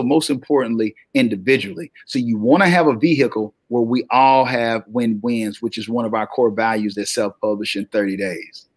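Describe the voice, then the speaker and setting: A man with a heavy Southern drawl, a podcast guest speaking in an energetic, motivational, preacher-like cadence. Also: medium pitch, dry recording, studio quality. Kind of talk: motivational interview talk.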